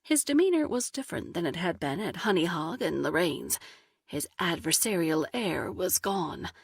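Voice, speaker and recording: A woman narrates an audiobook in a soft, breathy, unhurried voice, her tone sitting a little low. The sound is close and dry, with no room around it. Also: lively intonation, no room sound. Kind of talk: scripted narration.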